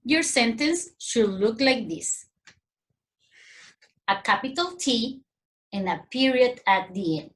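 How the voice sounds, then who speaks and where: Slow, sing-song Mexican teacher woman. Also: fairly high pitch, animated, fairly bright tone. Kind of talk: recorded grammar lesson for young children.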